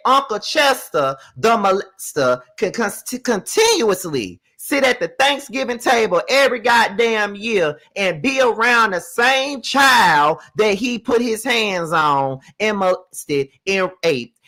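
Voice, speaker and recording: A man with a high, bright, cutting voice rants fiercely as a commentary host. He fires off profane rhetorical questions, swinging between loud outbursts and softer asides. His tone is sharp and forceful throughout. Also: lively intonation, a little slow, few pauses. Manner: swings loud and soft, sings snippets. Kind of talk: ranting commentary.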